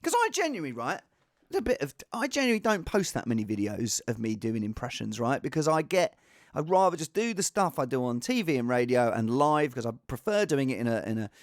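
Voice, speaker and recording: A comedian hosting his show in a lively, rambling monologue. His pitch leaps all over the place, he jumps from bursts of shouting to low mutters, and the sound is dry and close to the mic. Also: a little fast, dry recording. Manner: animated, swings from shouting to mumbling. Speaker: podcast host and impressionist.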